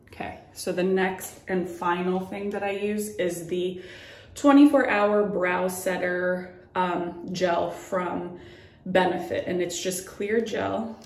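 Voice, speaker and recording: A woman's voice: lowish voice, darkish tone, echoey room. A young woman chatting through a makeup tutorial at home, a bit out of breath and full of fillers as she demonstrates. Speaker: beauty vlogger. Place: at home by a mirror.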